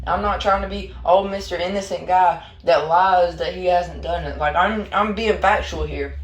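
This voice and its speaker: A man's voice: high-pitched, moderate pace. Slangy guy telling a storytime tale. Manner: slangy, animated, rambling. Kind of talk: storytime narration. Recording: roomy echo.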